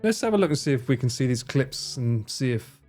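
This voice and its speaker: Lively, sweary male streamer. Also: medium pitch, a little fast, soft background music. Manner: joking, sweary banter with chat. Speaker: live streamer. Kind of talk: casual live-stream chat.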